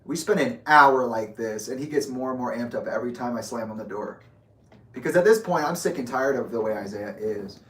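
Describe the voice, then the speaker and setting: A man telling a story in casual talk, animated and profane, acting out what others said, recorded in an echoey room with the mic far off. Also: medium pitch, a little fast. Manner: profane, animated, acts out quoted speech. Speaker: guest storyteller.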